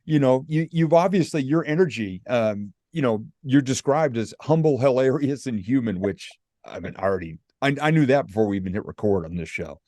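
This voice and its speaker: A man's voice: medium pitch, animated, brisk, mellow, no echo, clean studio sound. An American man hosting a radio interview, talking in an upbeat, folksy, storytelling way. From United States. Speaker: radio show host. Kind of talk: casual interview chat.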